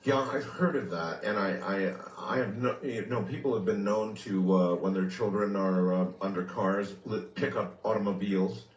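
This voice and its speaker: A man hosting a radio talk show, putting probing questions to his guest with halting restarts. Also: fairly low pitch. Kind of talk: interviewing a guest on a late-night radio show. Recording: dull, echoey, distant broadcast audio.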